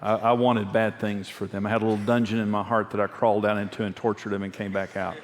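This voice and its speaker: A man's voice: fairly low pitch, level tone, fast, slight background noise. A man preaching a conversational sermon, telling personal stories earnestly and repeating his key phrases. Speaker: pastor and marriage speaker. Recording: long reverb of a large hall.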